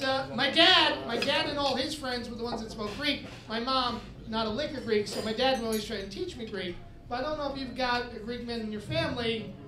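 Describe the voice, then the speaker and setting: Man, stand-up comedian, high-pitched, animated punchy delivery, echoey club, audience laughing. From United States. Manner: animated, punchy delivery, shouts impressions of his father.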